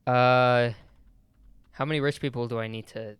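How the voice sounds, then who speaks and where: Young man with a crisp, dry voice. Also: medium pitch, fairly even intonation, dry recording. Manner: laughs often, quick amused reactions. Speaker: podcast co-host. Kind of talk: casual comedic chat.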